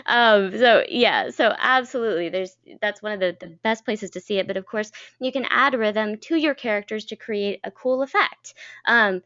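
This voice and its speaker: A woman's voice: mid-range voice, normal speed, bright, forceful tone. Chatty woman voice coach, lo-fi sound. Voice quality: clear tone. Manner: chatty, laughs often, many fillers. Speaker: voice acting coach. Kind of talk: teaching a class. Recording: dull lo-fi recording.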